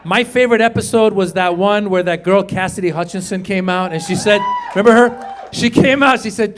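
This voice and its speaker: A man performing a stand-up comedy set, energetic, jumping to loud shouted punchlines and acted voices. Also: high-pitched, fairly quick. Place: comedy stage with a live audience. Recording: live club recording, audience laughter and faint noise.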